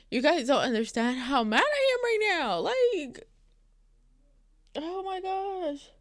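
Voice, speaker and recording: A woman's voice: sits high, a bit bright, no room sound, studio quality. A woman hosting a reaction vlog who talks straight to her viewers in an emotional, rambling way. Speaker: reaction video host.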